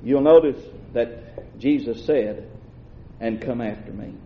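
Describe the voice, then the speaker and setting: A male pastor, preaching a sermon that swings from shouting to low asides. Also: slow pace. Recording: roomy, dull lo-fi church recording.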